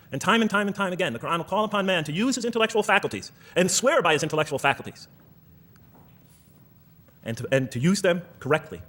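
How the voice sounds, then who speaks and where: Animated man lecturing, high and lively. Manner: animated, rhetorical questions, reads verses aloud. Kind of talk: lecture to a live audience.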